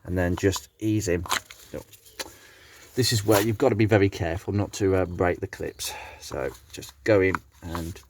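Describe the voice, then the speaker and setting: A man's voice: low voice, steady tone, normal speed, slight background noise. A man with a Brummie accent chatting casually as he works on a car for his channel, rambling with plenty of fillers and restarts. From West Midlands, England. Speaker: car restoration YouTuber.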